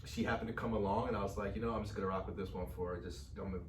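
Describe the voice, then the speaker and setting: A man's voice: lowish voice, fairly even intonation, racing. A man co-hosting a podcast with his partner, chatting casually and joking with frequent laughs. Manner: playful, joking, laughs often. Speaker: podcast co-host. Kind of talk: casual chat. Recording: roomy echo, distant mic, faint noise.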